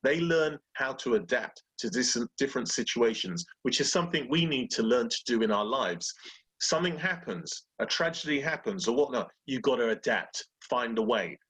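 A man's voice: medium pitch, moderate pace, breathy edge. A man talking casually about beating fear and growing, acting out little inner voices as he goes. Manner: animated, acts out inner voices. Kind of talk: casual motivational talk.

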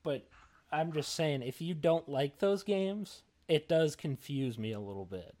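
Rambling young man, slightly high voice. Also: expressive, unhurried, darkish tone. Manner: rambling, filler-heavy, self-deprecating. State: tired. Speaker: podcast co-host. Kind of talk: casual chat.

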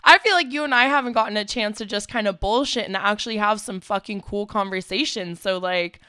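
A young woman in her twenties co-hosts a casual podcast, laughing easily and swearing freely. Her voice is bright and crisp with a smooth finish, heard dry and close with no room sound. Faint music plays underneath. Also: mid-range voice, brisk, no echo. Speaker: podcast co-host.

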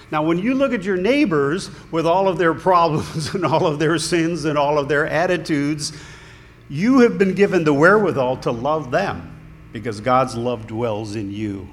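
A man preaching a sermon in a conversational, earnest way, with small restarts. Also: a little high. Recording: long hall reverb, faint room noise.

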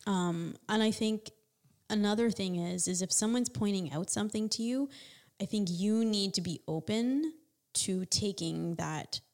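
A woman's voice: mid-range voice, measured pace, darkish tone. A woman in her forties chatting earnestly with her husband about relationships, giving advice and laughing easily. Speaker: co-host. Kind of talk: casual chat.

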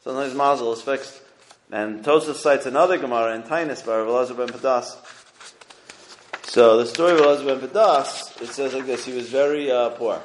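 A man gives a casual Talmud lecture in a voice of middling pitch. He talks it through conversationally, translating each phrase and checking in with the listener. The recording carries a noticeable room echo. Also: fairly quick, slight background noise. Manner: conversational, checks in with "okay?" and "right?", translates Aramaic as he goes. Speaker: Torah teacher.

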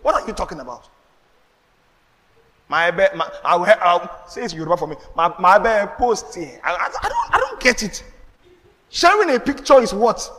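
Nigerian man, pastor, lively sermon, pidgin asides, high-pitched, long church reverb. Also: brisk. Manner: animated preaching with pidgin asides and laughs.

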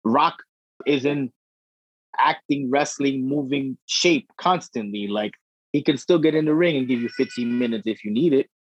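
A husky young man riffs on wrestling with a podcast co-host, cursing and tossing out slang as he gets worked up. His voice sits at a middle pitch and comes through dry and a little muffled, like a lo-fi recording. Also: moderate pace, no echo. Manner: profane, slangy, excitable. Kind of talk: casual wrestling chat. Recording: dry dull lo-fi audio.

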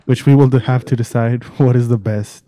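A man's voice: medium pitch, steady tone, normal speed, dark tone, dry recording, clean studio sound. A young man co-hosting a podcast, leading the talk in a casual, easygoing way and laughing often. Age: young adult. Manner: leads the topics, laughs easily. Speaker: podcast co-host. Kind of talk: casual chat.

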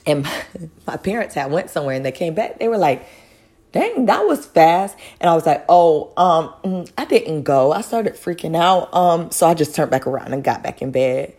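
A woman's voice: deep voice, brisk, darkish tone. A woman telling a personal faith testimony, earnest and conversational, speaking directly to listeners.

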